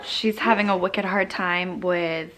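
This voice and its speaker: A woman filming a casual daily vlog at home, chatting to the camera and gently to her toddler. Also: on the low side, fairly even intonation, a little slow, a crowd in the background. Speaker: mom vlogger. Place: family home, indoors. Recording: noisy home camera recording.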